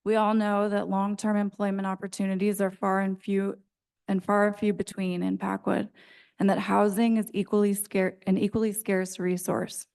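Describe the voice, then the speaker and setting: A woman's voice: mid-range voice, creaky, a little mellow. A woman reading an earnest prepared statement as a public commenter at a county planning meeting.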